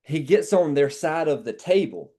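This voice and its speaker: A man leading an insurance sales team training, talking in a brash, animated way and swearing casually. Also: fairly high pitch, normal speed, breathy edge.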